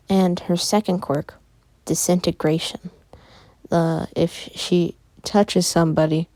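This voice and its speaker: A woman narrating an improvised fan story in a halting way, with many fillers and pauses. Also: fairly low pitch, creaky, a little mellow, no room sound.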